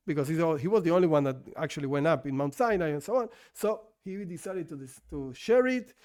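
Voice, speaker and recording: A rabbi teaching an informal religious class, talking conversationally with rhetorical questions and frequent restarts, as a non-native English speaker. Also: male voice, high voice, darkish tone. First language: not English.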